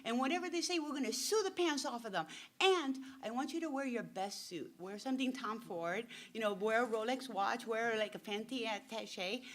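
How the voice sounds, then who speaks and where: A woman's voice: on the high side, normal speed, few pauses, natural voice. A woman voicing a blustering, outraged male lawyer in a joke she tells. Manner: loud and indignant.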